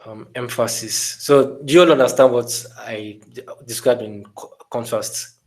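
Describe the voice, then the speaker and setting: A man teaching a live online design class over a call, talking in a relaxed way with many fillers and restarts and asking his listeners questions. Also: mid-range voice, a little slow, low-quality recording. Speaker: design instructor.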